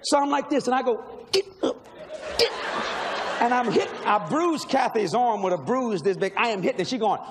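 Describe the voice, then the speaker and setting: Middle-aged man, high voice, animated sermon storytelling, long hall reverb. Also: a little fast, few pauses, a loud crowd. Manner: animated storyteller, laughing, shouting at peaks. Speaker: preacher. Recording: long reverb in a large hall, faint noise.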